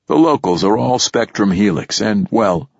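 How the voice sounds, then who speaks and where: A man voicing a blustering, profane military commander who grows loud and harsh when crossed. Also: on the low side, animated, normal speed, creaky, breathy edge, no room sound, muffled recording, heavily acted. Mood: evasive. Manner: blustering, rising to shouting when angry.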